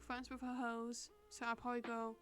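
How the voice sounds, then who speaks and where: A woman's voice: fairly high pitch, completely flat delivery, normal speed, over music. A woman streamer casually reading online quiz questions aloud and reacting with laughs and swearing. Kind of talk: casual reading and commentary while taking online quizzes.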